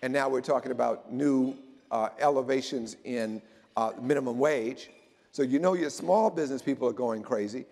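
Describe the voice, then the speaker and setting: A man giving an animated, joking conference talk about slides to a live audience. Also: mid-range voice, moderate pace, gravelly. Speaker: keynote speaker. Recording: long hall reverb.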